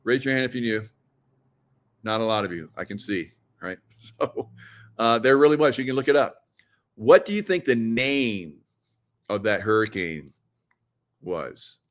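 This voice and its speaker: A middle-aged man talks loosely to his livestream viewers in a mid-pitched voice. He rambles between points, takes a conspiratorial tone, and breaks into chuckles often. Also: very animated, measured pace, long pauses. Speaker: livestream host. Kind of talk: casual live chat to viewers. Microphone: computer mic, screen sharing.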